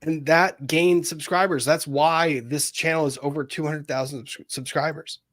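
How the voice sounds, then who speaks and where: A man hosting a casual live commentary stream, talking fast and loose, cutting in with questions and addressing his viewers directly. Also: a little high. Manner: animated, interrupts, ranty, talks to viewers. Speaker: livestream host.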